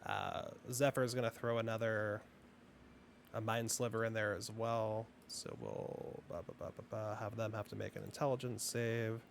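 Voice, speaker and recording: A man running a tabletop game as game master, explaining rules in a rambling way with lots of fillers and sudden fast bursts. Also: fairly low pitch, flat delivery, vocal fry, slight background noise.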